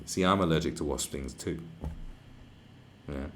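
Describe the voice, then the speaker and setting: A man's voice: a bass voice, a little fast, pauses often, a little hiss or hum. A young man hosting a livestream, ranting in a rambling, crude, mock-outraged way and slipping into mocking voices. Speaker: livestream host. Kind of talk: profane comedic rant on a livestream.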